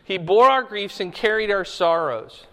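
A male pastor with a notably high voice preaches in a conversational way, reading a passage and breaking it down for the congregation. He keeps checking in with the listeners as he goes. His voice rings out in a large, reverberant hall. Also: animated, measured pace, a bit bright. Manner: conversational, explaining scripture with rhetorical checks. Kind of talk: sermon. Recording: echoey hall.

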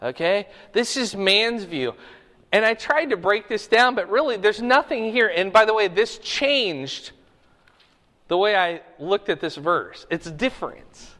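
A man's voice: high-pitched, lively intonation, unhurried, pushed and bright. A man preaching a sermon, reading scripture and explaining it conversationally, often checking in with "okay?". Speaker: pastor. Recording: echoey hall.

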